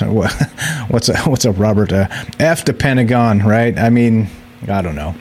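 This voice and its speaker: A man's voice: lowish voice, moderate pace, a little mellow. A man hosting a live talk show, talking casually in a rambling, sarcastic way full of fillers and restarts. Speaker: podcast host.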